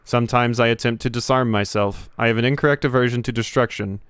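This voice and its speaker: A defective robot in a video game, as a man voices it. It speaks in a measured, mechanical way. The voice is smooth and mid-pitched, recorded close and dry. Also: fairly even intonation, fairly bright tone, dry recording, close to an everyday voice.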